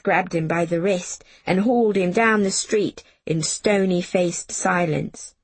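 A woman reading a first-person story aloud in a measured storybook narration. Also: fairly low pitch, breathy edge, no echo. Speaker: audiobook narrator.

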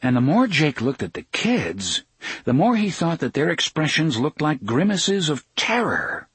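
A man narrating a novel in a measured, steady storytelling manner. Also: fairly high pitch, slightly rough, no echo. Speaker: audiobook narrator. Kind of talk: scripted narration.

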